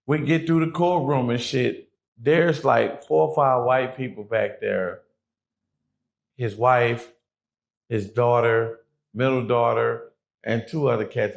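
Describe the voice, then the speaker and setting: A man with a gravelly, creaky edge to his voice tells a prison story in a relaxed interview. He swears freely and slips into the voices of the people in the story as he quotes them. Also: mid-range voice. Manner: profane, acts out quoted voices. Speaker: guest recounting prison story.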